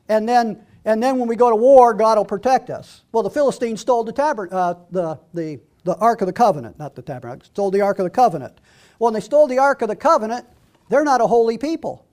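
A man preaching a sermon, reading scripture slowly and earnestly and often restarting or correcting himself mid-sentence. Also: very high-pitched. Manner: slows right down to read verses aloud.

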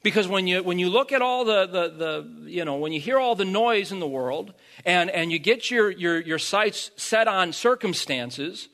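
High-pitched guy preaching, trips over his words, gets loud and fired up on the big lines. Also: lively intonation. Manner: halting, repeats words, builds to loud emphatic peaks. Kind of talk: sermon.

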